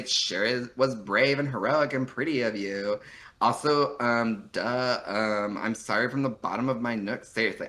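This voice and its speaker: A man's voice: mid-range voice, sharp tone. A man reading a brash, smug teenage troll girl from a webcomic aloud, with a mocking, scornful delivery.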